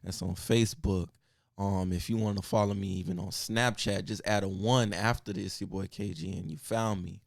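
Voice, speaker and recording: A young man guesting on a podcast, relaxed and slangy, with many fillers. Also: sits low, moderate pace, vocal fry, no room sound, studio quality. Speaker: rapper guest. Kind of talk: casual chat.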